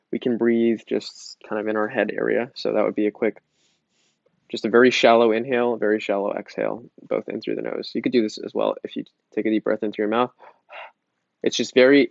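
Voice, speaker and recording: A man's voice: medium pitch, vocal fry, no room sound, lo-fi sound. Laid-back man leading a breathing lesson. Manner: relaxed and chatty, jokes around, restarts often. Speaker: yoga teacher. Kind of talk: casual guided breathing lesson.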